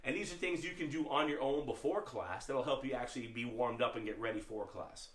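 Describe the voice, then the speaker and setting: A man teaching an online martial arts class, giving upbeat step-by-step commands for stances and warm-ups. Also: medium pitch, brisk, echoey room. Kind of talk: online fitness class instruction.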